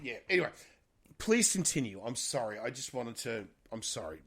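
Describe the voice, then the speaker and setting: A man's voice: medium pitch, very animated, moderate pace, a crowd in the background. A man from Australia co-hosting a podcast, rambling and joking, often apologizing. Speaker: podcast co-host. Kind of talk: casual chat.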